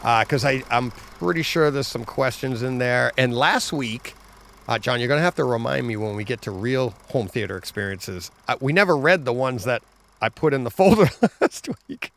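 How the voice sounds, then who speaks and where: Animated man with a gravelly voice. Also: medium pitch, normal speed. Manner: animated storyteller, mimics people, laughs often. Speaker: podcast co-host. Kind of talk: casual chat.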